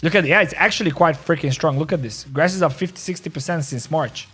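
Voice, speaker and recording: A man runs a casual live trading stream, his voice sitting high. He talks in excited bursts and repeats his points again and again. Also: fast, breathy edge, faint music behind. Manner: excitable, repeats himself, calls people bro. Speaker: crypto live-stream host.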